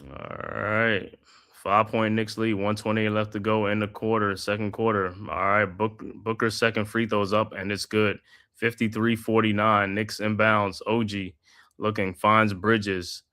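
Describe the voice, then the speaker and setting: A man hosting a live watch-party stream, calling the game play by play in a steady flow with casual slang asides. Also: on the low side, unhurried, clear, resonant tone. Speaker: host.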